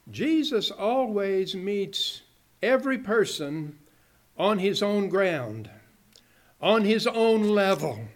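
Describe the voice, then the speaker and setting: A man preaching a sermon in a measured way, dropping low and soft at the ends of phrases.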